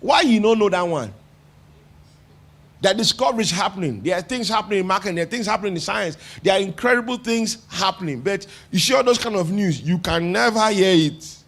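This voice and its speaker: A man's voice: high-pitched, fast, hardly any pauses, fairly bright tone. A man with a Nigerian English accent preaching a sermon as pastor, talking conversationally, asking the congregation questions and repeating phrases for emphasis.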